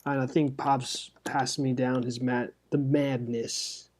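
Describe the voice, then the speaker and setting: A man's voice: medium pitch, little pitch movement, takes it slowly, a little mellow, slight background noise. A man from South Florida chatting goofily to himself and viewers while coloring, with sound-effect words. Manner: goofy, rambling self-talk with sound effects. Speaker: artist coloring on stream. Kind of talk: casual chat while drawing.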